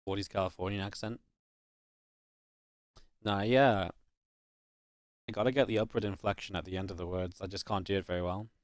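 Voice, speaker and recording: A man's voice: sits low, fairly even intonation, moderate pace, long pauses, dry recording, clean studio sound. A young man from northeast England with a light Geordie accent, casually casting a game and chatting with viewers in a rambling way. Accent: northeast English (Geordie). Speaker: esports caster. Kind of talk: casual live-stream commentary and chat.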